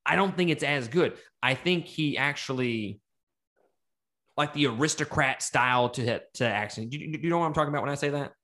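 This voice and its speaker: Male co-host, middle pitch, loose and profane, casual movie-review banter. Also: a little fast. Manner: animated, profane, laughs often. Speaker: podcast co-host.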